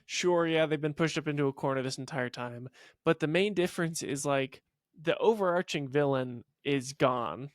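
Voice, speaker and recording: A man co-hosting a podcast in casual chat, excitable and swearing freely. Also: on the high side, moderate pace, no room sound, studio quality. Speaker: podcast co-host.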